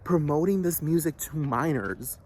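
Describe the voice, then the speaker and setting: A vlogger with a somewhat high, slightly mellow voice rants heatedly and profanely at a moderate pace, with a little background noise. He's agitated and keeps repeating himself, asking over and over whether the listener understands.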